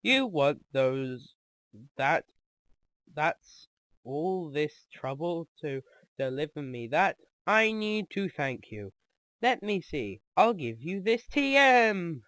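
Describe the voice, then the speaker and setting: A man doing a pompous young video game champion who collects rare stones. He stretches every word slowly and grandly in a deliberately silly way. His tone is bright and pitched a little high. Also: sing-song, dry recording, heavily acted. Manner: slow, drawn-out, deliberately silly delivery.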